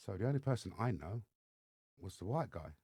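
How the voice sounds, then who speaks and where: A man with an English accent, a podcast guest telling his life story in lively fashion and acting out the voices of others. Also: on the low side, a little fast, breathy edge, no room sound, studio quality. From England. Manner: animated storyteller acting out dialogue. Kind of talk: storytelling interview. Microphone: studio microphone.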